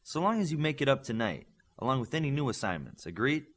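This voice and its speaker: A man's voice: mid-range voice, big pitch swings, quick pace, voice pushed up. A man voicing a proud, stern female teacher with a Scottish accent, dry and pointed in how she speaks. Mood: stern teacherly.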